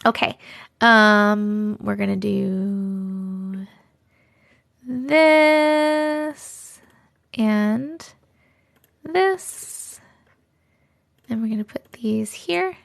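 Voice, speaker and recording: A woman's voice: mid-range voice, drawn-out words, creaky, long pauses. A woman hosting a livestream, chatting casually and reading viewer stories aloud, chatty and effusive as she reacts to the chat.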